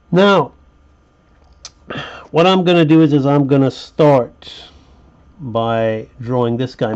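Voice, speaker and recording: A man's voice: medium pitch, vocal fry, dark tone, muffled recording. A man teaching a live drawing lesson, rambling and chatty and thinking aloud as he sketches, heard through a webcam microphone. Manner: rambling, chatty, talks to himself while sketching. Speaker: animation teacher.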